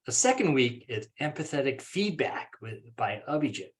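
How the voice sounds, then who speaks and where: A man's voice: medium pitch, very animated, moderate pace. A man on a video call presenting a course plan at an online speaking club meeting, casual and self-deprecating. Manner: casual, self-deprecating, acts out examples in different voices.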